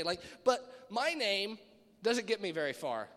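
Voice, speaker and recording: A man with a high, bright voice gives a casual youth sermon in a hall with a long echo. He is animated and chatty, and he slips into playful voices to act out the bits of dialogue he quotes. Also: unhurried. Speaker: youth speaker.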